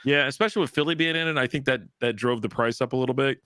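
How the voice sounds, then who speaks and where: A man with a bright, forward voice, chatting loosely and swearing freely as he riffs on football. He drifts into mocking impressions of announcers. The sound is close and dry, with no room around it. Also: mid-range voice, very fast, smooth, no echo. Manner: loose, profane, mocking asides. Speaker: co-host. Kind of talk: casual chat.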